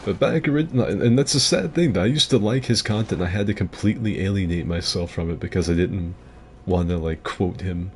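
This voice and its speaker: A man's voice: deep voice, brisk, a little mellow, slight background noise. A man rambling casually as he comments on his own gameplay, with loose filler-heavy talk and swearing. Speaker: gaming streamer.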